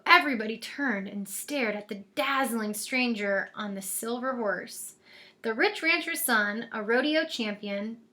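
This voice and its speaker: A woman reading a picture book aloud in a lively, expressive way. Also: on the high side. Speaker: storyteller. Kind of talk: storybook read-aloud.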